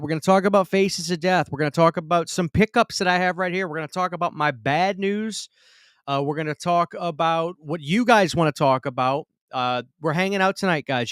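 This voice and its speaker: Stream host, man, higher-pitched, talkative, close dry mic. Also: fairly bright tone, no room sound. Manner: chatty, greets viewers by name, restarts sentences. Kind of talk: casual live chat.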